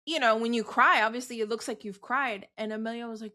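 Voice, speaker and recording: A woman's voice: a little high, fairly even intonation, fast, bright, forceful tone. A woman co-hosting a podcast, casually and candidly telling a family story and acting out the dialogue. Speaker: podcast co-host. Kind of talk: casual chat.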